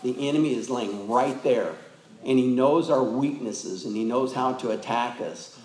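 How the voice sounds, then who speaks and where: A man's voice: medium pitch, normal speed, a little mellow, echoey room, low-quality recording. A man preaching a sermon to his congregation, fervent and rhythmic, calling out amen and praise the Lord. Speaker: pastor.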